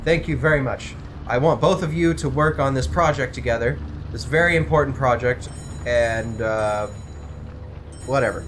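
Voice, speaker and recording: A young man chatting casually, rambling through a long story in an animated, offhand way, breaking off to swear and make asides. His voice sits at an ordinary middle pitch. A faint hiss of background noise runs underneath. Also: normal speed. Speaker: co-host. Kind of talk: casual chat while gaming.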